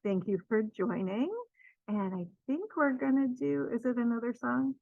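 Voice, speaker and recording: A woman leading a children's storytime, gently encouraging kids and singing along. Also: fairly high pitch, normal speed, vocal fry, dry recording, muffled recording.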